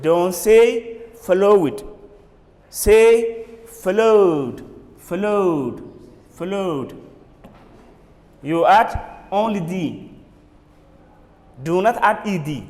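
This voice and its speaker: A man teaching an English pronunciation lesson, drilling words slowly and repeating each one. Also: high-pitched, lively intonation, darkish tone, big-room sound. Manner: slow, drilling words with repetition. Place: classroom or studio for a TV lesson.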